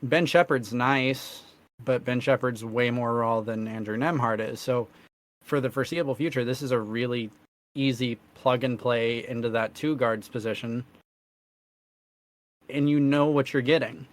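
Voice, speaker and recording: A man's voice: mid-range voice, fairly even intonation, moderate pace. Man losing his voice on a podcast. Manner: talkative, clears his throat. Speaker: podcast co-host. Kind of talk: casual sports chat.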